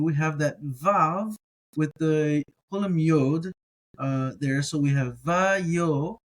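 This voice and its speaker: A man teaching a relaxed, casual language lesson, carefully sounding out each word slowly and repeating it, with encouraging asides. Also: fairly high pitch, low-quality recording. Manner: relaxed, encouraging, thinks aloud with fillers. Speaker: Hebrew teacher.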